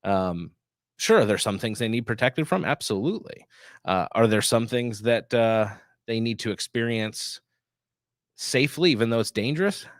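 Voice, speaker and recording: A man in his thirties, co-hosting a casual studio chat and telling family stories, animated when he quotes his kids. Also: medium pitch, moderate pace, no room sound. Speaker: show co-host.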